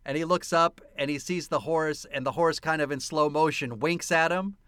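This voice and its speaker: A man co-hosting a podcast, excitedly retelling a film scene by scene with lots of laughter, in casual chat. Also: on the high side, normal speed, clear, resonant tone, no room sound. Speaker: podcast co-host.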